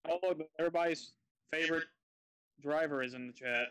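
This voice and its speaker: A man's voice: on the high side, brisk, fairly bright tone, clean tone, rough recording. A man with a Southern US accent, joking easily as a guest analyst on a voice call. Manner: joking, easygoing. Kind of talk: casual chat over voice call.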